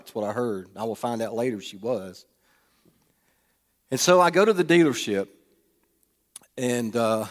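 A middle-aged man, preaching as he tells a humorous personal story and throws questions to the audience. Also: mid-range voice. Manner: folksy, asks the audience questions. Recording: long reverb of a large hall.

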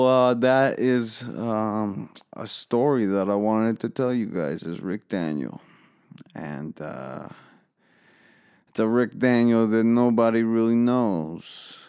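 Brief: male storyteller, low and resonant, rambling and profane comic delivery. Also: darkish tone, clear, resonant tone. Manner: rambling, profane, filler-heavy.

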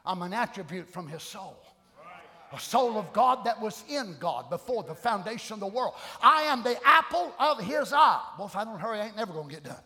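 A middle-aged man preaching a sermon, shouting fervent declarations between folksy asides. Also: sits high, lively intonation, a little fast. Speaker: pastor. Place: church sanctuary. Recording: long church hall reverb.

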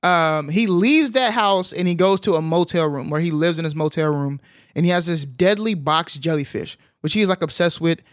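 A man casually retelling a film's plot as a podcast co-host, animated and full of filler sounds. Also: a little high, moderate pace, no echo, clean studio sound. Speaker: podcast co-host recapping a film. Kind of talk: casual film recap chat.

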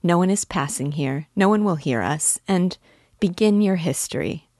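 A woman reading the part of a lively, playful young woman who teases with eager questions, in an audiobook. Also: lowish voice, normal speed, no echo, studio quality, close to an everyday voice. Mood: teasing.

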